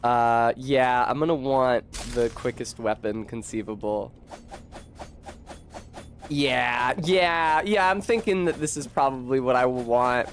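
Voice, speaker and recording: A man's voice: medium pitch, slow pace, slight background noise. A young man streaming a game, chatting casually, swearing and correcting himself as he rambles. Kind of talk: casual gameplay commentary.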